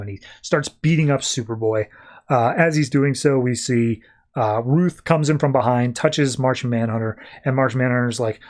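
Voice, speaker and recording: A man hosting a podcast, casually retelling a comic book story, quoting characters in quick offhand voices and talking loosely with fillers. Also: medium pitch. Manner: loose, filler-heavy delivery with "like" and "uh". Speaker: podcast host.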